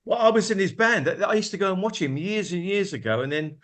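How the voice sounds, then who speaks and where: A man's voice: high voice, lively intonation, fast, a bit bright. A man on a review panel chatting casually and telling eager stories. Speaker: panel judge, record producer.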